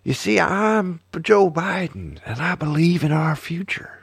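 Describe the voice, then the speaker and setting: A man doing a comedic impression of a nervous, rambling elderly male politician, speaking in halting stops and starts. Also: on the high side, animated, gravelly, husky, no echo, studio quality, exaggerated voice. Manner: halting, stop-start delivery. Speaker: podcast co-host.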